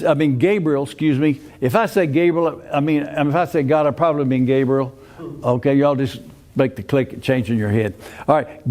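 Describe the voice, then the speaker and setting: An older man leads a Sunday school Bible class in a folksy, easygoing manner, repeatedly asking the class questions and often restarting his sentences. His voice is a little high with a darkish tone.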